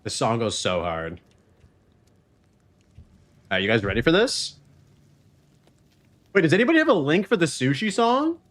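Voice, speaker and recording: A man's voice: a little high, very animated, unhurried, long pauses, fairly bright tone. A man streaming a video game, chatting casually, joking and laughing often as he reads chat messages aloud.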